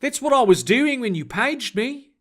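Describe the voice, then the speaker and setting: A man's voice: extremely high pitch, very animated, normal speed, pitched above the performer's own voice, full character voice. A man doing an easygoing Australian bloke. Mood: affable. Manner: affable, placating.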